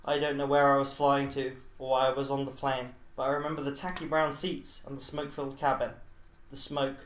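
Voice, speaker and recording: A man of middle pitch reads his own story at a measured, even storybook pace. The sound is roomy and echoey. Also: slight background noise. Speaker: podcast co-host reading his own story. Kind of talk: scripted narration read aloud. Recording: echoey room mic.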